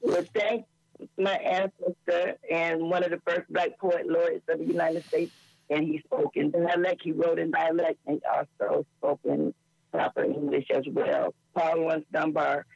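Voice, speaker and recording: A woman's voice: low voice, little pitch movement, normal speed, vocal fry, a little mellow, dry recording, muffled recording. A woman performing a rhythmic, rhyming spoken word poem in dialect as a guest poet.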